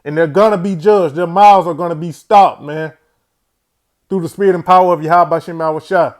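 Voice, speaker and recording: A man's voice: fairly high pitch, fairly even intonation, moderate pace. A man hosting a religious commentary show, speaking in a preachy way and ending his phrases with "man". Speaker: host.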